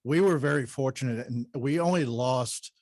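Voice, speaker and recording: A man guesting on a radio show, answering in a measured, fact-heavy way with some fillers. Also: medium pitch, darkish tone, no echo, clean studio sound. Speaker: radio guest, shopping center manager. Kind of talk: radio interview. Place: radio studio.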